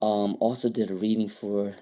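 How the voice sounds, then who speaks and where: A man's voice: lowish voice, little pitch movement, moderate pace, warm tone. A man doing live tarot readings on a stream, rambling and repeating viewers' names with many ums. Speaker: tarot reader.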